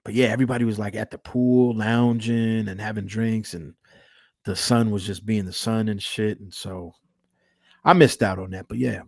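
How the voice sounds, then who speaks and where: A man's voice: lowish voice, steady tone, moderate pace, vocal fry, dry recording, clean studio sound. A man co-hosting a podcast, telling stories in loose, profane casual chat. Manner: profane, laid-back storyteller. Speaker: podcast co-host.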